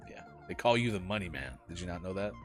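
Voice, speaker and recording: Low-voiced joking male show host. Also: fast talker, soft background music. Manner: joking, lively, reads chat aloud. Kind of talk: casual live-stream banter.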